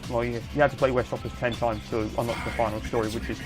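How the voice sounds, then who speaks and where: A man's voice: medium pitch, flat delivery, fast. A young man giving casual let's-play commentary, rambling and easily frustrated, with lots of restarts. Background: game music.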